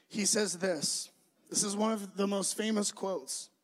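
A young adult man preaching a sermon, telling the story with animated, acted-out voices. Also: high-pitched, measured pace, poor audio.

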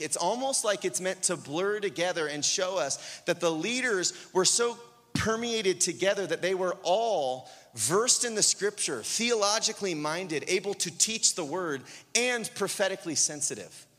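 A man preaching a sermon as pastor, exuberant and animated, calling out to the congregation to repeat after him. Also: fairly high pitch. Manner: exuberant, shouts of excitement, asks congregation to repeat. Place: church sanctuary. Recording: long reverb of a large hall.

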